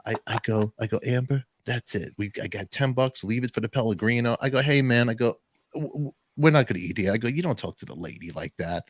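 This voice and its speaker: A man's voice: medium pitch, fairly quick, dry recording, clean studio sound. A man, hosting a podcast and telling a long story in casual chat, acting out the other people's voices as he goes. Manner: animated storyteller, acts out voices in quotes. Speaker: podcast host.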